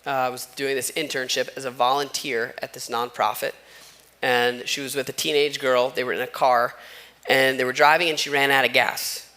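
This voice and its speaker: A pastor gives a sermon in the church sanctuary through a wireless microphone, keeping it conversational with stories and asides. He speaks at a medium pitch and moderate pace, with a level but sharp tone.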